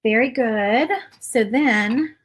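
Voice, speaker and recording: A woman hosting a casual painting tutorial. She is chatty and rambles, thinking out loud with fillers and little asides. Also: a little high, very slow, husky, rough recording. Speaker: craft channel host.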